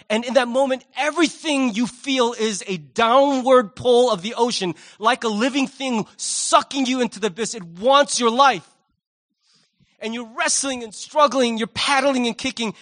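A male pastor preaching a Sunday sermon, telling a vivid story with humor and lively energy. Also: high-pitched.

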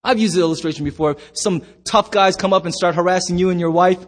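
A man pastor preaching a sermon in church, telling stories with animated voices and sudden shouts. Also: sits high, fast talker.

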